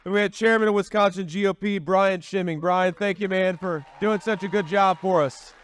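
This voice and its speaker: A man's voice: high voice, fairly even intonation, normal speed, a bit bright, clean tone. A man giving a campaign rally speech, talking in a folksy, repetitive way with frequent restarts. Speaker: political candidate at a rally.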